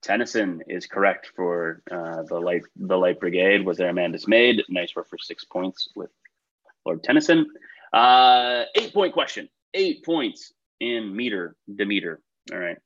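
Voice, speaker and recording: Lively low-voiced man hosting a quiz. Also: unhurried, muffled recording. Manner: upbeat, chatty asides between questions. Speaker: quiz show host. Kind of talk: reading trivia questions on a video call. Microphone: video call.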